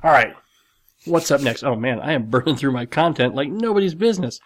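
A man's voice: mid-range voice, expressive, fairly quick, no room sound. A man hosting his own show, retelling a story in a loose, rambling way with many restarts and asides. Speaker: podcast host. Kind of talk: casual solo storytelling.

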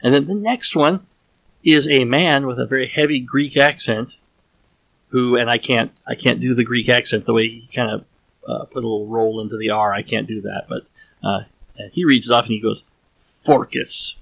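A man with a gravelly, fry-edged voice talks through a solo podcast episode at an ordinary middle pitch. He muses out loud, circles back and restarts sentences as he goes. His tone is loose and conversational. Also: steady tone, normal speed, dry recording, low-quality recording. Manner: thinks aloud, restarts and trails off often. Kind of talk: casual rambling monologue.

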